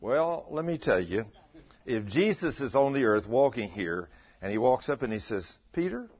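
Animated male preacher in his 50s, husky, muffled lo-fi sound. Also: mid-range voice, normal speed. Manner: animated, acts out dialogue, laughs with listeners. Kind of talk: storytelling sermon. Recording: dull lo-fi recording.

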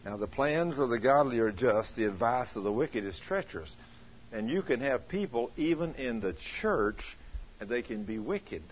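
A man's voice: mid-range voice, normal speed, dull audio, slight background noise. A man preaching a folksy sermon, telling stories and acting out what people said. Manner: animated, acts out quoted voices, shouts in anecdotes. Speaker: pastor.

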